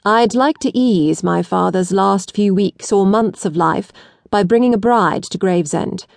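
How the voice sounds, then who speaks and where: A cool, blunt aristocratic young man, as read by a woman narrator. He lays out his terms calmly and without warmth, in a measured, businesslike way. The sound is dry and close, with no room. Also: mid-range voice, vocal fry, no echo.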